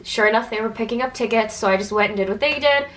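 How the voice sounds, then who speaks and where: A woman's voice: a little high, fast talker, fairly bright tone. A young woman with a stuffy nose, telling a casual vlog story in a chatty, anxious way, full of "like" fillers. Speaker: vlogger.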